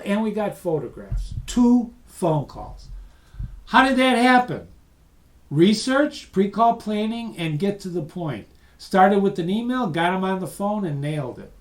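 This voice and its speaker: A middle-aged man presenting a business course in a lively, conversational way, acting out phone calls. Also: sits high, low-quality recording. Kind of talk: lecture for professionals.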